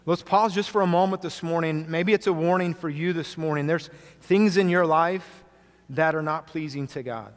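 A male pastor preaching a sermon to a congregation, earnest, often dropping quietly for emphasis. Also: a little high, normal speed. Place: church sanctuary. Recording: long hall reverb.

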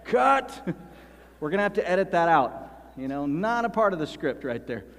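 A man preaching a sermon as pastor, animated and emphatic, slowing down to stress key phrases. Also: fairly high pitch. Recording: long hall reverb.

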